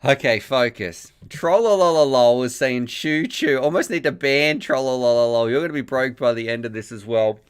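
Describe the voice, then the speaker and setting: A man's voice: medium pitch, normal speed, hardly any pauses, clean tone. A man hosting a live stream, rambling and thankful, laughing often as he reads donations and messages aloud. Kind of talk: casual live-stream chat reading donations.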